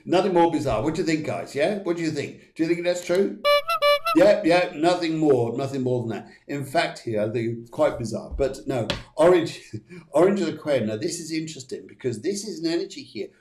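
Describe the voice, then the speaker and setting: A man's voice: on the high side, lively intonation, fairly quick, reverberant, over music. A man hosting a live stream as a psychic medium, giving card readings to viewers in a chatty, rambling way with many fillers and restarts.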